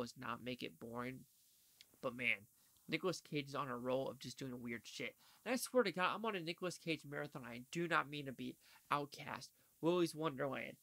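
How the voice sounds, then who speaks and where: Bright-voiced, rambling male movie reviewer. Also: fairly high pitch, dry recording. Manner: rambling, slangy, swears freely. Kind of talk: casual video review.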